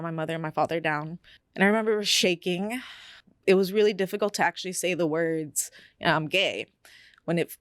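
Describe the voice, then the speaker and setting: Speaking slowly and thoughtfully, a young woman with a lower voice tells a frank personal story packed with filler words. The close-up recording comes from a dry, dead room, with no room sound at all.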